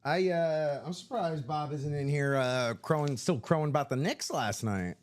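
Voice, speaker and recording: A man's voice: on the high side, normal speed. A man co-hosting a live sports card break stream, laid-back and chatty. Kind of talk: casual live-stream chat.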